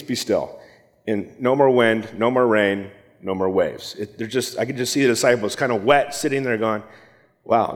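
A male pastor works through a passage verse by verse, slipping into lively re-enactments of the panicked disciples. His voice sits at an ordinary middle pitch. It carries a long reverb, as if heard in a large hall. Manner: animated storytelling, acting out the disciples' panic. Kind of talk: expository sermon.

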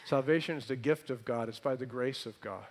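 Preacher with big volume swings. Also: male voice, mid-range voice, fairly quick. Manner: call-and-response questions to congregation, dynamic swings between loud and soft. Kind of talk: sermon.

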